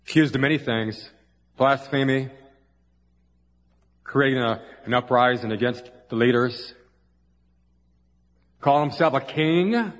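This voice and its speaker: A man's voice: mid-range voice, takes it slowly, long pauses. A man preaching a conversational sermon, folksy and full of asides, in a church. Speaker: pastor. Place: church sanctuary. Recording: long hall reverb.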